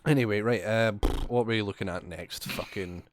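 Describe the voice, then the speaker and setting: A man's voice: fairly low pitch, normal speed, a little hiss or hum. A Scottish man co-hosting a podcast, swearing and joking as he reads out odd news stories in casual chat. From Scotland. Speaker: podcast co-host.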